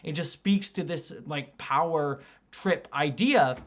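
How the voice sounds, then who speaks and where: A woman hosting her own review channel, talking casually through a show's finale. She rambles with lots of fillers and acts out quoted lines in quick, lively bursts. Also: low-pitched. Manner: rambling, filler-heavy, animated when excited. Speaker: film and TV reviewer, channel host. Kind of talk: casual video review commentary.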